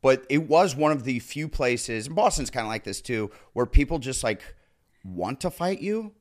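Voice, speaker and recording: A man's voice: mid-range voice, very animated, normal speed. A man from Nebraska, a guest in casual chat, telling stories and acting out other people.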